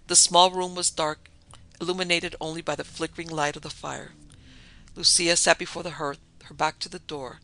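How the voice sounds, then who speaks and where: A man narrating a dark story in a measured, dramatic way. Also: fairly high pitch, flat delivery, creaky, low-quality recording.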